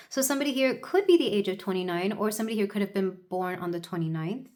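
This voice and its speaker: Woman doing a tarot reading, chatty, rambly, kinda thinking out loud. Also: mid-range voice, fast talker, few pauses. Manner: chatty, musing, loose rambling delivery. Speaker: tarot reader. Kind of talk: solo tarot reading to camera.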